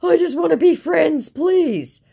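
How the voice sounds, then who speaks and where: A woman's voice: very high-pitched, expressive, measured pace, gravelly, warm tone, voice pushed up, heavily acted. A woman voicing a pleading young male online scammer who begs in a whiny way. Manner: whiny, begging.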